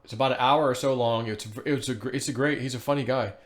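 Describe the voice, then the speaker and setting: A man in the middle of his range talks straight to his audience and wanders from thought to thought. He reads posts out loud and trails off into fillers. Every so often he chuckles to himself. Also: mid-range voice, fast talker. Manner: rambling, animated, laughs to himself, frequent fillers. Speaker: vlogger. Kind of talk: casual solo commentary reading social posts aloud.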